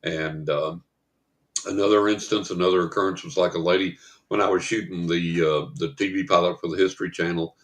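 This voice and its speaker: An older man, a psychic guest in an interview, telling anecdotes in a lively way and acting out the people in them. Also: low-pitched, brisk. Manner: lively storyteller who acts out the people in his anecdotes. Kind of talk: storytelling in a podcast interview.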